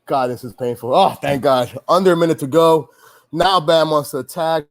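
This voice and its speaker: Male sports host, fed up, rambling rant, slightly high voice. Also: moderate pace. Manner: frustrated, swearing, rambling with restarts. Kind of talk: casual pregame-style sports chat, venting.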